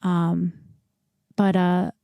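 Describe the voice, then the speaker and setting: A woman's voice: lowish voice, completely flat delivery, drawn-out words, gravelly, warm tone, no room sound. Rambling woman in her thirties. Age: 30s. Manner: rambling, frank, with many likes and restarts. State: recovering from illness, short of breath. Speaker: podcast host. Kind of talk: casual solo podcast monologue. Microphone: new podcast mic.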